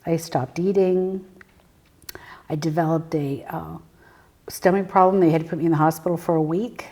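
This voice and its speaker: A woman with a lowish, mellow voice tells her life story as an interview guest. She speaks earnestly and haltingly, with many fillers and restarts, and her voice sometimes drops to an almost whispered hush. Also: steady tone. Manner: earnest and reflective, dropping to a near whisper at intense moments. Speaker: guest, spiritual medium.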